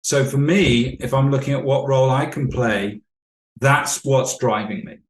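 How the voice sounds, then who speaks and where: Male coach guest, mid pitch, measured storyteller, roomy echo. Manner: measured, explanatory, anecdotal. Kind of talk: podcast interview storytelling.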